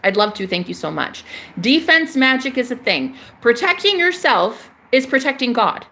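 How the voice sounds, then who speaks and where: A woman's voice: a little high, sing-song, moderate pace, bright, forceful tone. A young adult woman ranting in a casual spiritual vlog, fiery and emphatic, swearing freely and repeating herself for emphasis. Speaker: spiritual vlogger.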